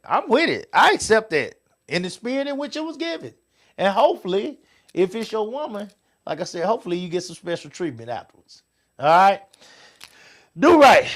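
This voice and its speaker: A man's voice: sits high, sing-song, normal speed, fairly bright tone. An older man, hosting a casual talk show, rambling, repeating himself and laughing often. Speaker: host.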